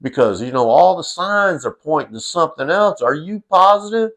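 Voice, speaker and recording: A man voicing a quizzical little boy who slowly questions whether grown-ups are sure of themselves. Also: on the high side, animated, fairly bright tone, voice pushed up. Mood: doubtful. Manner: slow, questioning, drawn out. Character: quizzical toddler boy, doubtful and earnest.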